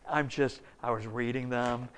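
A man in his fifties preaching a folksy, story-filled sermon, dropping to a hush and then rising loud and high. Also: steady tone, normal speed, clear, resonant tone. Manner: folksy, storytelling, swings between hushed and loud.

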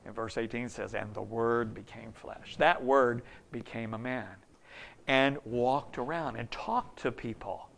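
A man in his fifties gives a folksy sermon, his middle-pitched voice carrying a gravelly edge. He tells stories in a conversational way, sinking to near-murmurs and then climbing loud and high for emphasis. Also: unhurried. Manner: folksy, storytelling, swings between hushed and loud. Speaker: preacher.

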